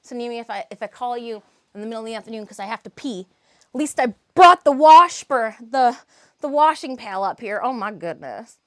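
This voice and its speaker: A woman's voice: fairly high pitch, expressive, brisk, fairly bright tone. A woman live streaming, chatting casually, greeting viewers by name and grumbling about her cats.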